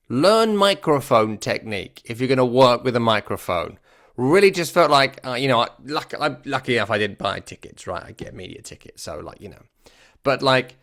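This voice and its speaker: A man in a casual football podcast, reviewing a match in an animated, wry way. His voice sits at an ordinary middle pitch, and he often repeats a phrase for emphasis. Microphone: works regularly on a microphone.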